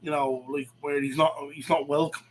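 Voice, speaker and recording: A man's voice: a little high, little pitch movement, moderate pace, slight background noise, low-quality recording. A man ranting in a rambling way, swearing a lot, with many fillers and restarts. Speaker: vlogger. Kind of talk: rambling rant to camera.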